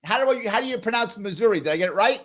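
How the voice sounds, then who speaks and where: A man with a New York accent hosts a casual live show. His voice sits high for a man, and he talks in an animated, emphatic way. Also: rapid-fire. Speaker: host. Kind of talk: casual live-stream chat.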